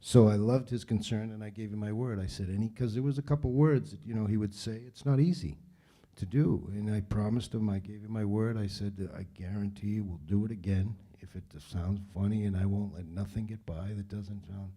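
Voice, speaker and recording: A man answering audience questions about directing in a relaxed, rambling way. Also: fairly low pitch, brisk, few pauses. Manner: relaxed, rambling, frequent fillers. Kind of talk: casual panel Q&A talk.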